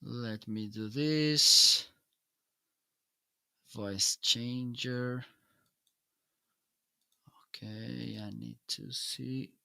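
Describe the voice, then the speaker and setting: A man's voice: medium pitch, fairly even intonation, very slow, vocal fry, long pauses, pushed and bright. A man hosting a casual livestream, demoing his gear and searching for words as he goes. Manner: hums nonsense syllables while testing. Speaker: livestream host.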